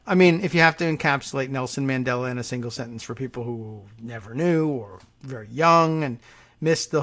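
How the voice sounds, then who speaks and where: A political podcast host reading a news story aloud and breaking off into sarcastic, laughing asides, full of fillers. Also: male voice, mid-range voice, a bit bright.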